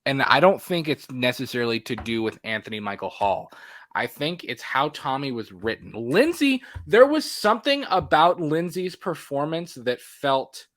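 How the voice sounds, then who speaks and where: A man co-hosting a movie podcast in a relaxed, rambling way, full of fillers and self-corrections. His voice sits at a mid pitch. It is recorded dry and close, with no room sound. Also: normal speed, dry recording. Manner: rambling, lots of fillers and restarts. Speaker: podcast co-host. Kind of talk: casual movie chat.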